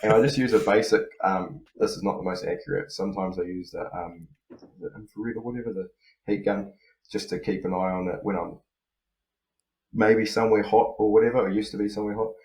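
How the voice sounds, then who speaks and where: Deep-voiced laid-back New man. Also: fairly even intonation, fairly quick, darkish tone. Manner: laid-back, rambling, many fillers. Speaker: podcast guest, freestyle motocross rider. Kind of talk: casual chat. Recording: roomy echo.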